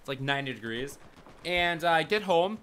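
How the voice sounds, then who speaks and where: A young man with a bright, forceful voice that sits a bit high for a guy. He rambles in a loose, crude vlog chat, cracking jokes at his own expense. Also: animated, a little fast, smooth. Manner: crude, joking, self-mocking. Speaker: YouTuber.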